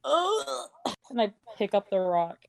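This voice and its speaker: A woman's voice: medium pitch, steady tone, moderate pace, a little mellow. A woman playing a tabletop role-playing game, sarcastic and swearing often. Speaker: player. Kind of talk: in-character tabletop play.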